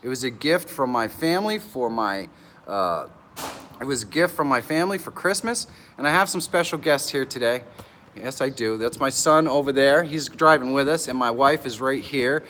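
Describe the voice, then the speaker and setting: An excitable middle-aged man hosting a live stream from an outdoor pavilion, greeting viewers by name and laughing often, a bit nervous. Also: mid-range voice, moderate pace, slight background noise. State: nervous and stressed.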